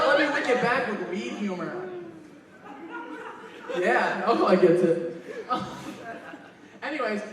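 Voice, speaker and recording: Guy doing standup, kinda high voice, swears a lot, big echoey hall, sounds far from the mic. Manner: profane storytelling, acting out quoted lines. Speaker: stand-up comedian. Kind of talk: stand-up comedy. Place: convention panel room.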